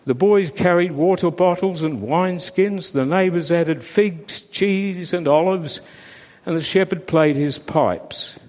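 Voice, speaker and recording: A man reading a children's story aloud in an expressive storybook voice. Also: fairly high pitch, unhurried. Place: church. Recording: reverberant church hall.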